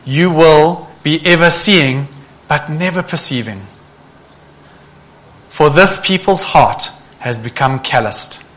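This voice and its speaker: A man preaching a sermon, often putting rhetorical questions to the congregation in a lively, animated way. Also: on the high side, slow pace. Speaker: pastor.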